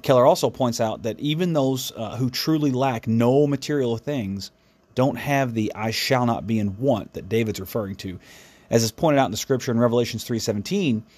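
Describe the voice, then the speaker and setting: A man's voice: mid-range voice, moderate pace, darkish tone. A man hosting a devotional podcast, speaking in an earnest, reflective way with frequent restarts. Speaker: podcast host.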